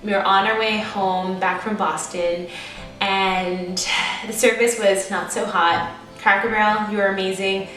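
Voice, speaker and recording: A woman's voice: medium pitch, little pitch movement, a little slow, a bit bright, recorded from a distance. A woman in her twenties with an American accent, telling a personal story to camera in a candid, chatty, self-deprecating way. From United States. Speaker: vlogger. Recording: echoey room, voice off-mic, faint music. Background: faint background music.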